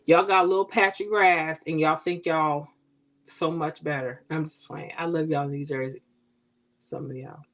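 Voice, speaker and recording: A woman hosting a casual livestream, chatting with viewers and teasing them in a playful, animated way. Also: deep voice, moderate pace. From Florida. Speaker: livestream host. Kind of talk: casual chat with live viewers.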